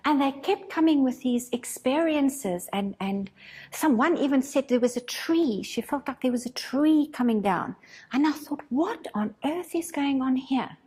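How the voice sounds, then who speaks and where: A woman teaching a spiritual course, telling a story in a casual, animated way and acting out her own thoughts. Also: sits high, normal speed, breathy edge, big-room sound.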